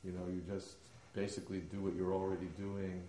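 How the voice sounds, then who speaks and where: A man with a deep, mellow voice gives a devotional lecture. He tells stories emphatically, pausing on fillers now and then. His voice echoes through a roomy hall. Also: monotone, a little hiss or hum. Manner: emphatic storyteller, hesitant fillers. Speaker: spiritual teacher.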